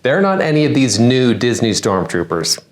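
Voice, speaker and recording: A man's voice: medium pitch, big pitch swings, moderate pace. A man hosting a comedy news segment, delivering a satirical monologue with sarcastic punchlines.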